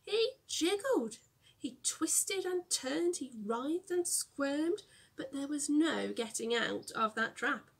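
A young woman teacher reading a storybook aloud to children, gently explaining words along the way. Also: high voice, animated, takes it slowly, creaky.

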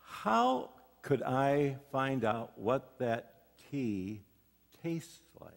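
Folksy pastor preaching in reverberant church. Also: male voice, medium pitch, big pitch swings, drawn-out words, creaky. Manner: folksy storytelling with rhetorical questions. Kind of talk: sermon. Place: church sanctuary. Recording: long hall reverb.

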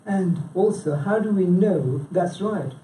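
Slow and expressive, his warm voice sitting high, the man runs an informal branch presentation, questioning the audience and restarting sentences as he chats. "Yeah?" and "you know" come up constantly. The meeting room is echoey, a live audience is present, he's distant from the mic, and there's a bit of hiss or hum.

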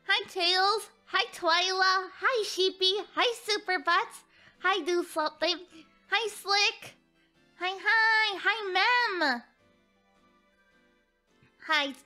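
Giggly woman VTuber, high bright voice, unhurried chat, faint game music behind. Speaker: VTuber streamer. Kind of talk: casual live-stream gaming chat.

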